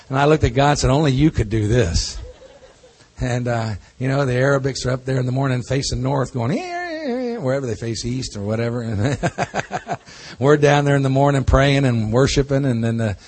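A man's voice: medium pitch, fairly even intonation, normal speed, darkish tone, husky. A man speaking as a pastor to a congregation, telling stories in a folksy, joking way. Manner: folksy, jokey storytelling with laughs. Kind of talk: church talk to a congregation.

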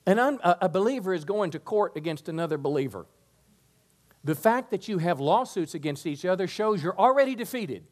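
A pastor preaching a sermon to a congregation, lively and humorous, then softening into quiet prayer. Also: male voice, sits high, a little fast. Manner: animated preaching, dropping to soft prayer.

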